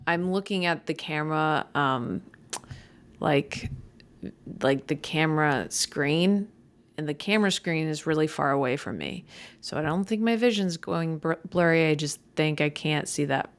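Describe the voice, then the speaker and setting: A young woman comedian hosts her own podcast, rambling casually, stumbling over words, and getting easily irritated, all with a self-deprecating edge. Her deep voice is animated and unhurried, and it cracks at times.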